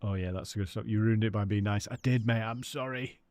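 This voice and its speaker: A man's voice: lowish voice, steady tone, fast talker, mellow. A British man live-streaming a hunting game, chatting casually with his viewers and greeting them by name.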